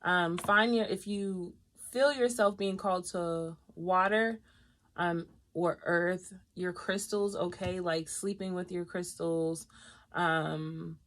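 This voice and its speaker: A woman's voice: on the low side, slow. Chatty woman reading tarot. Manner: chatty and expressive, laughing often, talks straight to viewers. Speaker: tarot reader.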